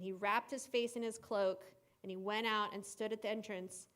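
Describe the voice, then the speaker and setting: A woman teaching children a Bible story, animated and playful, acting out the quotes with shifting loudness. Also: medium pitch, normal speed, hardly any pauses. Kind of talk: Bible story lesson for kids.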